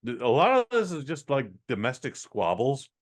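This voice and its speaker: A man's voice: medium pitch, huge pitch swings, normal speed. A man co-hosting a podcast, giving a rambling, profane, exasperated movie review in casual chat.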